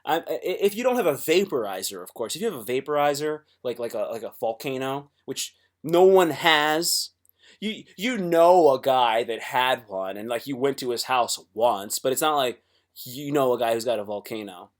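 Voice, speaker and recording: A man's voice: mid-range voice, animated, moderate pace. A man talking casually to his livestream chat, rambling and swearing, with many restarts.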